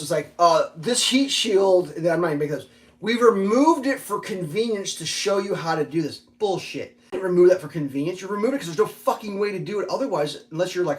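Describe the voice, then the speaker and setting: A man ranting casually in a vlog about installing parts on his vehicle, frustrated and swearing often, with lots of filler words. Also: sits high. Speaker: vlogger working on his off-road vehicle.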